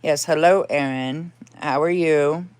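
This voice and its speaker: Deep, unhurried and a little mellow, this woman's clean voice comes through a dry recording as she hosts a relaxed live chat from home. She is rambling and talkative with frequent laughter, and every so often coos baby talk at her cat.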